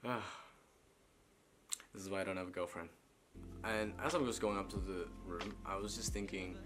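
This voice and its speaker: Young man, low voice, laid-back storytime vlog, swearing, clear music underneath. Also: unhurried, long pauses. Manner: casual, swearing, chatty with frequent "right?". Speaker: vlogger. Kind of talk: storytime monologue.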